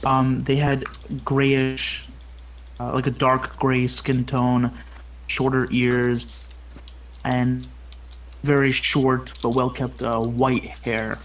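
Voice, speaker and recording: A man narrating as game master for a tabletop role-playing game, halting and full of restarts. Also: medium pitch, little pitch movement, a little hiss or hum, low-quality recording. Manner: halting, lots of ums and restarts.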